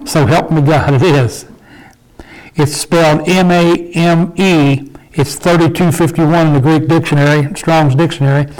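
An older man leads an informal Bible study with a folksy, homespun manner, often pausing to check in with his small group. His voice sits a little on the high side for a man. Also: fairly even intonation, a little mellow, low-quality recording. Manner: folksy, asks the group "okay?" and "did we?".

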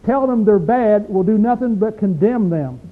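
A man preaches in a homely, talk-to-you way, firing questions at his listeners. His voice sits high, and the recording is thin and tinny, like a phone line. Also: expressive, normal speed. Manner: folksy, conversational, asks the listeners questions. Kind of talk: sermon.

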